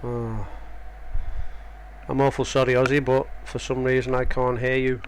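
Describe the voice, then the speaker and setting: A young Australian man talks in a loose, rambling way, often breaking off and restarting his sentences. His voice sits at an ordinary middle pitch, with a faint hum of room sound behind it. It sounds like casual live-stream chat. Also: level tone, normal speed. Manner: chatty, rambling, self-interrupting. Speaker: sim racing streamer.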